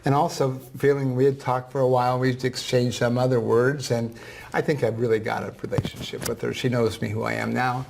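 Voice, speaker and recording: A man's voice: mid-range voice, fairly quick, vocal fry, slight background noise. A man, a reading teacher on a talk show, telling an emotional story and acting out the dialogue. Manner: animated storyteller, acts out dialogue; emotional, soft-hearted.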